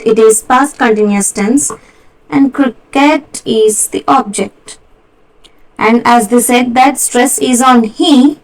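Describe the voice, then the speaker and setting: A young woman with an Indian English accent explains exam answers one by one. Her voice sits a little high. She keeps a steady teaching rhythm and draws out the important words. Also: rough recording. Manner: steady explanatory, slows to spell out key words. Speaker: tutor. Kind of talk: exam solution walkthrough.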